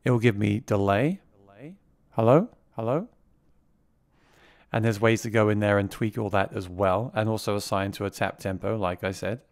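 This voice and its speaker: In a clean, dry studio recording, a gear reviewer demos a mixer by speaking into a vocal mic routed through it. His fairly low voice is level and clean, moving briskly with few pauses, and he keeps things chatty, repeating words when he restarts.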